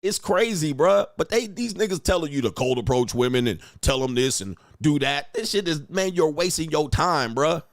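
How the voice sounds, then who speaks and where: Boisterous and profane, this forties livestream host mocks his critics and reads out viewer chat. He has a fairly high, creaky voice with lively intonation, talking at a moderate pace with hardly any pauses; the studio-quality sound has no echo.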